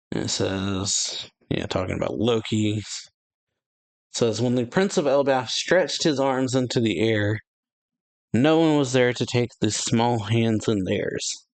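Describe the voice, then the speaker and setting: A man's voice: mid-range voice, a little slow. A man casually reading through a manga chapter, reciting character lines with light emphasis and frequent fillers. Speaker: manga reaction host.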